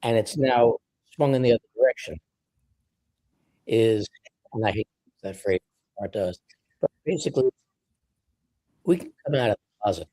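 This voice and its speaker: A man hosting a panel discussion, talking in a measured, conversational way and bringing guests in. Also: medium pitch, dark tone, dry recording, rough recording. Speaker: show host.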